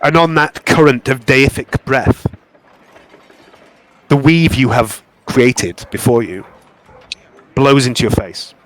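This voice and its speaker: A man's voice: mid-range voice, a bit bright, low-quality recording. Man narrating with grand drama. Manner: slow, dramatic descriptive narration. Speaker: game master. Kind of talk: narrating a tabletop game.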